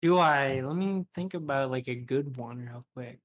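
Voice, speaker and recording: A man in his twenties co-hosting a podcast, recalling a school prank in relaxed, casual chat. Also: mid-range voice, moderate pace. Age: 20s. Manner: laid-back, brief reactions. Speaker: podcast co-host.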